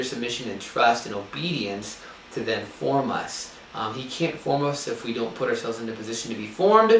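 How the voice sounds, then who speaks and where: A man's voice: mid-range voice, gravelly, a bit bright. A young man giving an earnest sermon-style talk, with frequent ums and restarts. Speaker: speaker giving a spiritual talk. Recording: echoey room, distant mic, faint noise.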